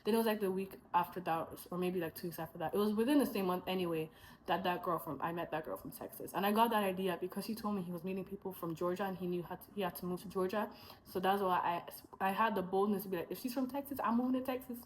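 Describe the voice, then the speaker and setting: In a casual vlog, a young woman shares her faith testimony directly with viewers, her voice a little low and steady. She tells it chattily and ramblingly, with asides and quick self-corrections, acting out lines she and others said. The low-quality recording has some hiss or hum.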